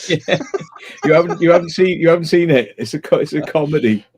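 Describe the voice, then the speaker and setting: A man's voice: on the high side, brisk, a crowd in the background. A man in a casual late-night stream chat, rambling through crude jokes and laughing often.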